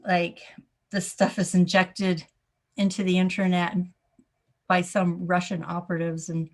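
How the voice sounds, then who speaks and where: A woman astrologer speaks in a casual solo talk at an unhurried pace. She circles back to her main points and repeats them for emphasis. Ums and uhs fill her pauses. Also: lowish voice, little pitch movement.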